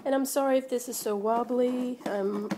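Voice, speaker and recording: A woman vlogging an unboxing on a handheld phone, gushing and gasping with breathless excitement. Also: fairly high pitch, moderate pace, very noisy. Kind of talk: casual unboxing chat. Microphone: phone held in hand.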